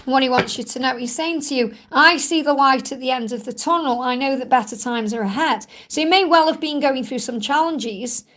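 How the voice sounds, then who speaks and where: A woman giving reassuring tarot readings on a live stream, her voice croaky from overuse. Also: high voice, a little fast, few pauses, fairly bright tone. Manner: reassuring, repetitive, reads viewer questions aloud. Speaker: tarot reader hosting a live Q&A.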